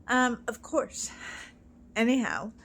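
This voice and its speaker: A woman casually telling a joke she heard, halting with fillers and restarts as she goes. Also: on the high side, very animated, a bit bright. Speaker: storyteller.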